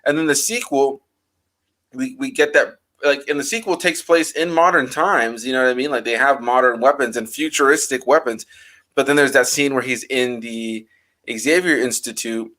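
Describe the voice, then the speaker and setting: A man hosting a casual chat, rambling and animated, with plenty of fillers. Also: mid-range voice, moderate pace. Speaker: host.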